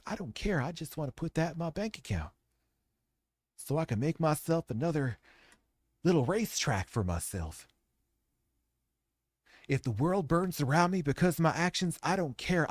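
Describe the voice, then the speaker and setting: A man's voice: on the high side, sing-song, moderate pace, dry recording, voice pushed up. A man putting on the voice of a greedy male sellout who begs for money and whines that he doesn't care about the harm he causes. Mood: mocking, pleading. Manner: whiny pleading mockery.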